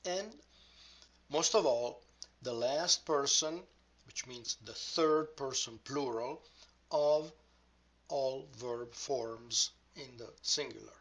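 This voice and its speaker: A man teaching a grammar lesson, speaking deliberately and modelling each example word aloud. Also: mid-range voice, a bit bright. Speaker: language teacher.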